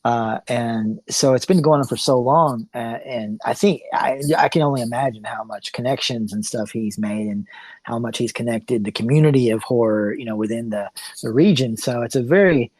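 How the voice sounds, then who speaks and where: A man's voice: medium pitch, moderate pace, no echo. Guy cohosting a podcast, easygoing rambling chat, dry close mic. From Tennessee. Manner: relaxed, rambling with fillers and restarts. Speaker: podcast co-host. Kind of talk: casual chat.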